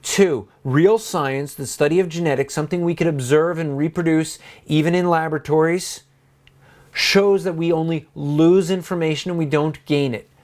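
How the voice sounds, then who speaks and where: Male theology lecturer, high-ish voice, emphatic and combative, talks straight to the class. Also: steady tone, moderate pace, darkish tone. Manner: emphatic, argumentative, with asides to the class. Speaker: theology teacher.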